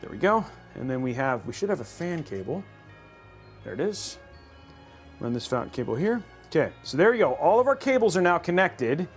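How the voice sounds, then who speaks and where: A man's voice: fairly high pitch, very animated, normal speed, faint music behind. A man hosting a livestream, chatting casually and thinking aloud while building a computer. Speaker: host.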